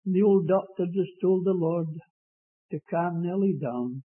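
Husky preacher man on tinny tape. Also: high voice, a little slow. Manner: storytelling, rising to emphatic declaration. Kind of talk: sermon. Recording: tinny lo-fi old tape recording.

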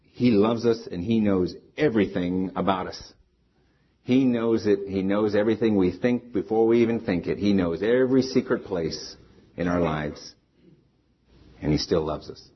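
A man's voice: low-pitched, slightly rough. A middle-aged man preaching a sermon as a pastor, earnest and conversational, weaving in personal stories. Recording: slightly dull lo-fi sound.

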